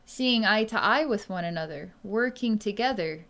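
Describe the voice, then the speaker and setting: A woman speaking as a psychic energy healer in a solo reading, talking slowly and softly with many pauses and fillers. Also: medium pitch, lively intonation, vocal fry. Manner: slow, hesitant speech with many pauses and fillers; soft and quiet when tuned in. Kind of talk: solo reading monologue to camera.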